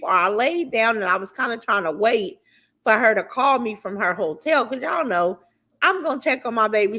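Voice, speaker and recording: A woman hosting a casual livestream, greeting viewers by name and chatting in a lively, talkative way with features, swearing now and then. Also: on the high side. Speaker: livestream host.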